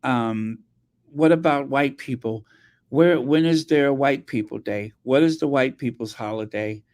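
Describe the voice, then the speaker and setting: A man's voice: medium pitch, measured pace, darkish tone, no echo, clean studio sound, lightly acted. A man voicing a dismissive, complaining woman who drops to a whisper. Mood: scornful.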